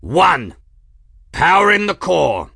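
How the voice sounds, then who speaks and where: Man doing a bellowing gruff ship engineer. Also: lowish voice, moderate pace, no room sound, studio quality. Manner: shouting orders, growling.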